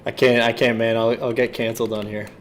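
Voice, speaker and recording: A man with a mid-range voice and flat, fairly quick delivery streams himself producing music. He talks loosely to himself and his chat in chatty self-talk, swearing offhandedly now and then.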